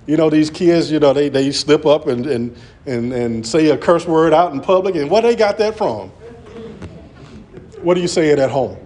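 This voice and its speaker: A man's voice: on the high side, normal speed, a little mellow. A man preaching an earnest sermon, often restarting his words as he presses his points. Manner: earnest, repetitive, stammering restarts.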